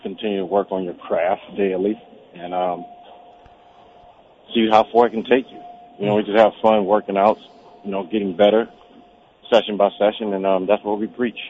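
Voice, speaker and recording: Male phone-in guest, low relaxed voice, tinny line with faint noise. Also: moderate pace, pauses often. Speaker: guest, former quarterback coach. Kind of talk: phone interview.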